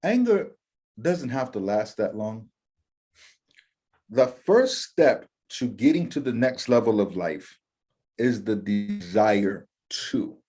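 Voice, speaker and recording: A man telling his story in an interview, talking in an animated motivational way and acting out the voices of people he quotes. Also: fairly low pitch, slow, slightly rough, soft background music. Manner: acts out quoted voices, lively and emphatic. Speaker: interview guest, empowerment coach.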